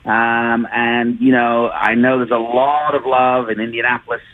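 A man calling into a motorsport radio show, talking earnestly with halting restarts. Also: mid-range voice, little pitch movement, no echo. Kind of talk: casual radio talk. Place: event venue in the field. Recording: tinny phone line.

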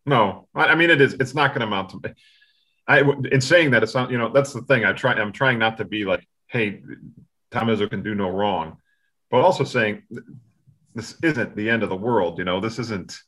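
A man with a medium-pitched, brisk, sharp-toned voice co-hosts a sports talk podcast. He rambles casually and keeps interrupting himself to restart his sentences.

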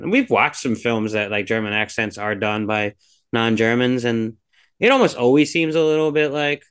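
A man speaks a little fast in a mid-range voice that's fairly bright, clear and resonant. As a podcast co-host reviewing a film, he shares his views in loose, casual chat, hedging and rambling and stuffing in fillers like "like" and "you know."

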